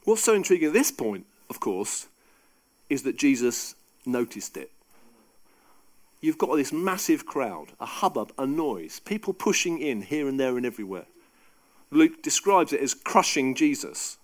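A man preaching a sermon in an animated, conversational and emphatic way. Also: mid-range voice, measured pace.

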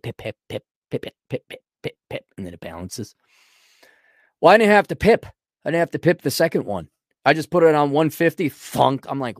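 A man's voice: medium pitch, dry recording, clean studio sound. Ranting, profane male podcast host. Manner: profane, rambling, sarcastic. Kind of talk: casual ranting monologue.

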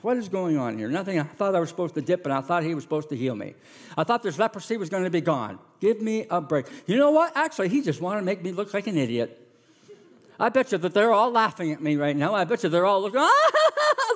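A middle-aged man preaching a sermon as a pastor, animated and acting out the voices of the people in his story. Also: fairly high pitch, long reverb tail. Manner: animated, acts out voices of characters.

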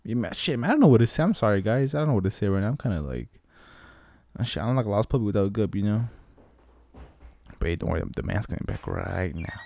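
A man's voice: fairly low pitch, expressive, fast talker, gravelly, long pauses, mellow, dry recording. A young man in casual chat, laid-back and slangy, swearing freely.

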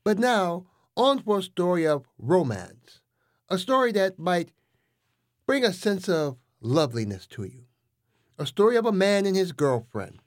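A man hosting and narrating comic stories, delivering absurd lines in a deadpan, animated way. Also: high-pitched, a little slow. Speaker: host and narrator. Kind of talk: comic storytelling.

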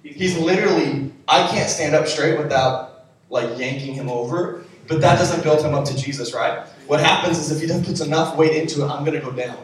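A young male youth pastor with a brisk, highish voice preaches playfully, far from the mic in a big echoey hall. His youth sermon includes a live demonstration and joking asides to the audience.

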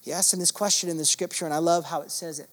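A man preaching a sermon in a church hall, swinging between fervent loud passages and hushed ones. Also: fairly high pitch, fairly even intonation, quick pace. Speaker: pastor. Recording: long hall reverb with soft guitar behind.

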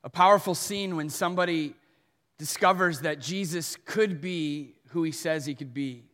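A man's voice: fairly high pitch, a bit bright. A man preaching a sermon as pastor, earnest and at times emphatic. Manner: earnest, rising to emphatic questions. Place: church hall. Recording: long hall reverb.

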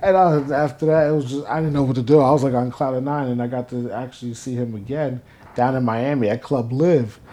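A young man from New Jersey, a guest in an interview, telling stories casually and acting out the quotes with rising excitement. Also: mid-range voice, a little fast. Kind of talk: casual storytelling.

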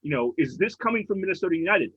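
A man co-hosting a podcast, calmly reasoning things through in casual chat, on a dull, lo-fi mic. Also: high voice, very fast, husky, dry recording. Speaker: podcast co-host.

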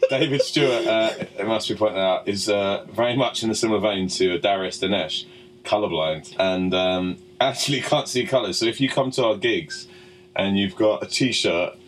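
A man's voice: lowish voice, normal speed, slight background noise, rough recording. A man hosting a podcast in casual chat, joking and swearing freely. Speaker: podcast host.

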